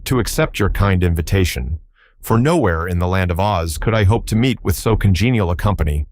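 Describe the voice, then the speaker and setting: A man's voice: sits low, animated, a little fast, a little mellow, a little hiss or hum. A man voicing a pompous, learned male insect who talks in long, formal, self-admiring sentences.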